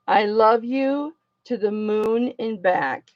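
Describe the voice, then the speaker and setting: A woman's voice: on the high side, slow, highs cut off. A woman hosting a jewelry auction livestream, chatting casually and affectionately with viewers and calling them honey and baby.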